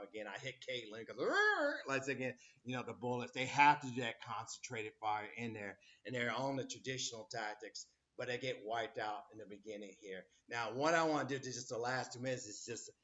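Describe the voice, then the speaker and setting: A man's voice: medium pitch, fairly bright tone. Rambling male history teacher, lo-fi. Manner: rambling, many fillers, acts out quotes. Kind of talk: classroom lecture. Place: classroom.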